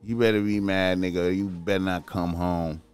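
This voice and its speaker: A bossy girlfriend laying down demands to her man, as a man quotes her in his own voice. The delivery is scolding and insistent. The voice stays low and unchanged from his usual talk. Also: fairly even intonation, normal speed, clean tone, faint music behind, close to an everyday voice.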